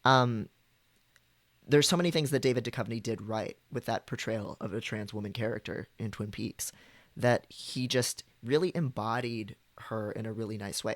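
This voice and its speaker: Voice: medium pitch, dry recording. Rambling streamer voice, dry close sound. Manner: rambling, frequent ums and likes. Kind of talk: casual chat with stream viewers.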